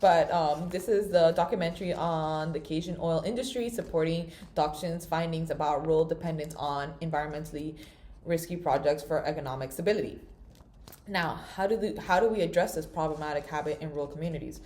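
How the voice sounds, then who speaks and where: A young woman with a somewhat low voice co-presents a class project. She speaks in a chatty, informal way, dropping slangy asides between the points she reads. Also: brisk, darkish tone. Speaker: student presenter.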